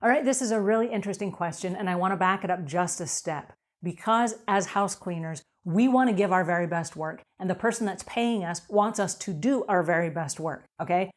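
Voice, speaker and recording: A middle-aged woman hosting a cleaning advice show, talking in an upbeat and emphatic way and acting out little quotes as she goes. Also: on the low side. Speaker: host answering cleaning questions. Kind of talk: energetic advice show talk.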